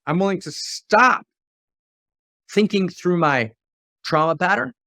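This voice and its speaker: A middle-aged man giving an impassioned spiritual talk. He drops to a hush, then rises to fiery outbursts full of rhetorical questions and repetition. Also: high voice, animated, slow, creaky, no echo, clean studio sound. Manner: swings from hushed to fiery and exclamatory. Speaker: spiritual teacher.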